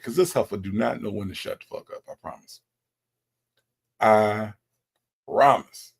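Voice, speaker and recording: A man's voice: fairly low pitch, moderate pace, gravelly, slightly rough. A male host reading out chat comments during a livestream and answering them with sassy, emphatic repetition.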